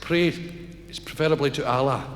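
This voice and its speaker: A Scottish man voicing a parachute instructor, giving brisk, reassuring instructions, recorded live in a concert hall. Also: mid-range voice, voice pushed down, lightly acted. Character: calm, matter-of-fact male parachute instructor.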